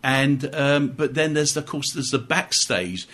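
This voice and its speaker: A man's voice: medium pitch, animated, unhurried, a bit bright. A man on a radio show talking about his amateur theatre group, chatty, with frequent restarts. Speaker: guest, amateur operatic society member. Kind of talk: casual radio interview. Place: radio studio.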